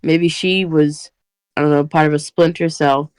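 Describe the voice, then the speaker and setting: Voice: mid-range voice, fairly even intonation, normal speed, smooth, no echo. A player in a casual tabletop game session, talking things through with dry jokey asides.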